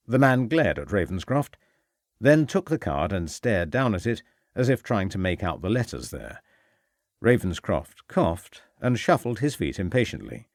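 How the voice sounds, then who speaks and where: Brief: male audiobook narrator, low voice, lively intonation, dry close mic. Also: measured pace, no room sound.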